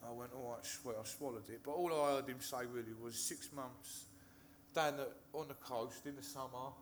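A man's voice: mid-range voice, fairly even intonation, moderate pace, a little hiss or hum. A man, a recovering addict candidly telling his story, swearing, laughing and mimicking the people in it.

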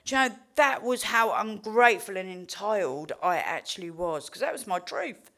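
A woman's voice: mid-range voice, animated, moderate pace, bright, forceful tone. An English woman giving a candid, heartfelt recovery testimony, swearing freely and telling her story with animation. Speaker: recovery speaker.

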